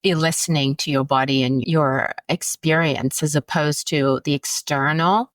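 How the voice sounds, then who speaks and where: A woman's voice: deep voice, steady tone, a little slow, dry recording. A woman psychologist, a podcast guest, telling candid stories about her own family and laughing often. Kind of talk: conversational podcast interview.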